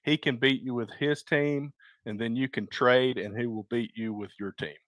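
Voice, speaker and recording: A man's voice: medium pitch, fairly even intonation, moderate pace, fairly bright tone, no room sound. A man co-hosting a casual sports talk stream, easygoing and rambling as he lists news. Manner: easygoing, rambling with fillers, laughs at own jokes. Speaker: podcast co-host.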